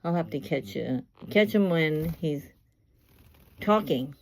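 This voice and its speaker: An older woman talking casually about her parrot in her workshop, coaxing it in a high sing-song voice. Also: animated, slow, a little mellow. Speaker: pet owner. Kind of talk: casual pet vlog.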